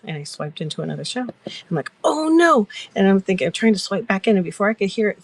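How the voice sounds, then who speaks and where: A woman's voice: mid-range voice, fast talker, a little mellow, no room sound. A woman hosting a casual crafting chat, telling stories in a giggly, rambling way. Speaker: crafter and live-selling host.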